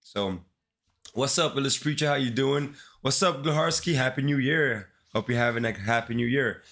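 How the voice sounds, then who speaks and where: A man's voice: medium pitch, normal speed, fairly bright tone. A man with a congested, sick-sounding voice chatting casually to his livestream viewers in laid-back slang. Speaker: live-streaming developer.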